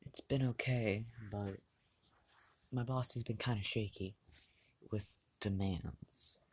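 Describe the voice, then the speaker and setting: A man voicing an anxious, protective mother of a teenage boy in a read-aloud fan story, pleading and halting with restarts. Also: lowish voice, steady tone, breathy edge, no echo. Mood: worried.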